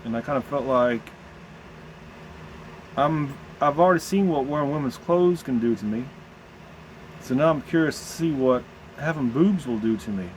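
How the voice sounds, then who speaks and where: Man, Southern accent, candid vlog to camera; halting, restarts often; mid pitch; steady background hum. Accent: American Southern. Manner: halting, searching, with many restarts.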